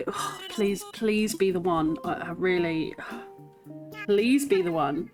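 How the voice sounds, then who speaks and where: A woman giving excited gameplay commentary as a gaming YouTuber, gushing with nervous laughter and squealing bursts of joy. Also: on the low side, slow, faint music behind, poor audio.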